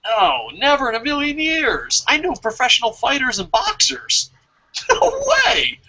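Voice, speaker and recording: A man's voice: very high-pitched, expressive, unhurried, sharp tone, low-quality recording. A man hosting a casual wrestling talk show, rambling, swearing and laughing often. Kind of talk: casual podcast chat.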